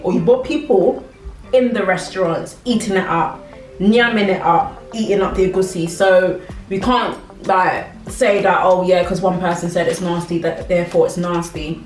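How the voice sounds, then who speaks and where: A woman's voice: mid-range voice, far from the mic. British woman, young adult, casual mukbang vlog, laughs a lot, echoey room, faint music. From Britain. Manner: chatty, laughs a lot, eats while talking. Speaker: vlogger. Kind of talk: casual mukbang chat to camera.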